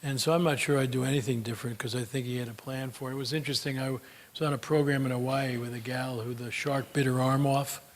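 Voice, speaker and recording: A man's voice: mid-range voice, steady tone, quick pace. An older man giving a folksy motivational talk, telling stories with many fillers and answering audience questions. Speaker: speaker.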